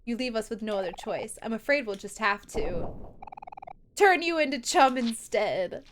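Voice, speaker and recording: A woman's voice: on the high side, animated, moderate pace, natural voice. A woman voicing scheming slime shopkeeper sisters from a video game, reading the dialogue aloud in a sly, mock-polite way. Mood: sly menace.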